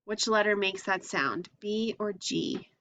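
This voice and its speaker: Slow, patient woman teaching phonics. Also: medium pitch, fairly bright tone. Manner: slow, patient, sounds out letters and asks questions. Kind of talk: phonics lesson for young children.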